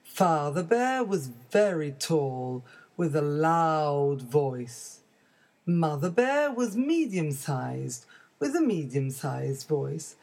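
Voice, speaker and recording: Slow, expressive woman storyteller. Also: sits low. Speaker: narrator. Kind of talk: slow storybook read-aloud for learners.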